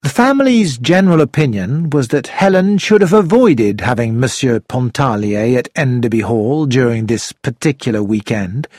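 A man narrating a novel chapter in a measured, expressive audiobook reading. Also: a little high, no room sound, studio quality.

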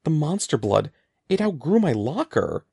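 Man reading schoolgirl, skeptical, wry, slightly higher voice, gravelly, dry close sound. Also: big pitch swings, normal speed, dark tone, no room sound, heavily acted. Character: skeptical quick-talking schoolgirl, Andy.

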